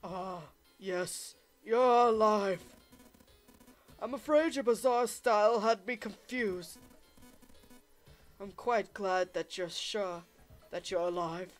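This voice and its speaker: A woman voicing a smug, cruel older man who speaks with slow, polite menace. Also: mid-range voice, soft background music, natural voice. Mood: taunting.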